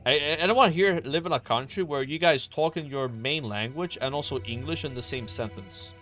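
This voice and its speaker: A man's voice: mid-range voice, a little fast, fairly bright tone, faint music behind. A young man chatting casually on a stream, rambling, swearing and filling with "like" and "you know.".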